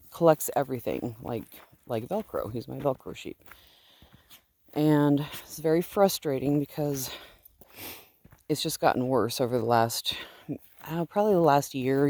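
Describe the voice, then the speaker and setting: A woman who raises sheep on her fiber farm chats casually and affectionately while walking outdoors, rambling a bit with fillers. Her voice sits low and mellow at a measured pace, and the recording is dry.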